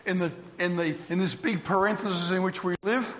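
A man preaching a lively, humorous sermon to a local church, stretching out words for emphasis. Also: sits high. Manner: animated preaching with humour, drawn-out emphasis. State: out of breath. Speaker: pastor. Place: church hall. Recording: echoey hall, slightly dull sound.

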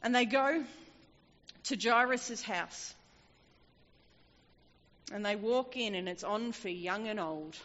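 A woman preaching a sermon, telling a scripture story with lively acted-out voices. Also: mid-range voice, slow, long pauses. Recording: dull, echoey hall.

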